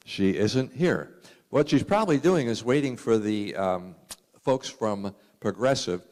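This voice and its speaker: Man, lower voice, casual announcer, long hall reverb. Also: measured pace. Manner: relaxed, chatty, with frequent uh fillers. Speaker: community meeting announcer. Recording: echoey community hall.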